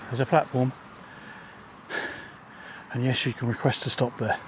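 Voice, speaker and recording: A man's voice: mid-range voice, fairly even intonation, a little slow, background noise. Wry man on a countryside walk. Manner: wry, self-deprecating, chatty asides. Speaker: vlogger. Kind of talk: casual hiking vlog. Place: outdoors in countryside.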